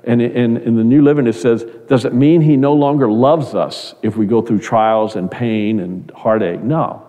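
Middle-aged male pastor, earnest sermon delivery, mellow tone, reverberant hall sound. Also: normal speed. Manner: earnest, repeats words, rises in pitch when quoting others.

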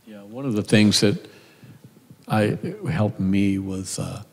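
A man's voice: fairly low pitch, takes it slowly, a little mellow, a little hiss or hum. A middle-aged man, a minister, speaking at a seminar in a fervent, rambling way full of asides and restarts. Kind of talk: seminar talk from a stage. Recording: echoey hall.

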